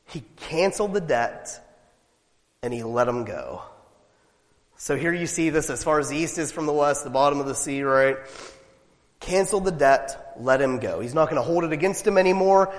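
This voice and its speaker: Animated preaching man in reverberant hall. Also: a little high. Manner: animated, emphatic preaching with rhetorical questions. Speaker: pastor. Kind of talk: sermon.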